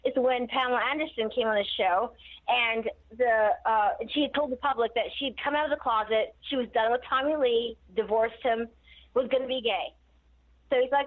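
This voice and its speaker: A woman's voice: fairly high pitch, moderate pace. Giggly woman on a tinny phone line. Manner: giggly and animated, laughs often. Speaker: guest. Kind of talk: casual interview storytelling.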